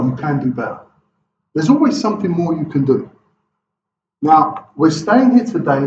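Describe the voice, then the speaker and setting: Impassioned male preacher in an echoey hall. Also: fairly high pitch. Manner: impassioned, rhetorical questions. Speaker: pastor. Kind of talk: sermon. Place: church hall. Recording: echoey, distant, dull room recording.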